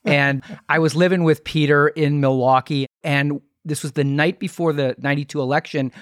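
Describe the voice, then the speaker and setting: A man's voice: on the high side, fairly even intonation, moderate pace, no room sound, studio quality. A man hosting a talk show, laughing along and trading his own stories. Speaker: podcast host. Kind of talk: casual interview chat.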